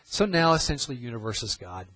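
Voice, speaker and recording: A man's voice: medium pitch, big pitch swings, quick pace, fairly bright tone, no room sound, rough recording. A middle-aged man preaching a sermon, emphatic and repeating phrases for stress.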